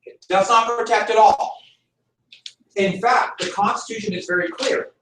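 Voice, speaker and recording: A man's voice: sits high, moderate pace, fairly bright tone. A man teaching a class, making his points emphatically and repeating them. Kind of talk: classroom lecture. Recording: echoey room, mic far off.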